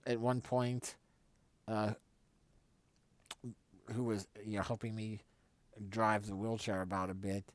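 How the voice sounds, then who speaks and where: A man's voice: lowish voice, no echo. A man hosting a live stream, telling a casual, rambling story and correcting himself often. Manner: rambling, self-correcting, animated when quoting others.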